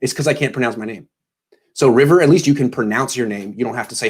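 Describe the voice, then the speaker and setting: A man's voice: medium pitch, animated, quick pace, breathy edge. A tired man hosting a pregame sports show, talking casually with jokes and self-deprecating tangents. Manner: joking, self-deprecating, meandering.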